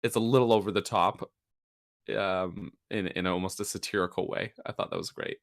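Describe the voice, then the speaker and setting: A man's voice: sits low, steady tone, normal speed. A man co-hosting a casual podcast, talking in a chatty, rambling way with fillers and restarts, getting emphatic when he makes a point. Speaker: podcast co-host.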